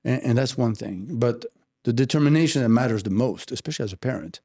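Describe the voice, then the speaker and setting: A podcast host talking reflectively, with frequent pauses and restarts. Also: male voice, medium pitch, dark tone. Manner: reflective, halting, many fillers and restarts. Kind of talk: casual conversation.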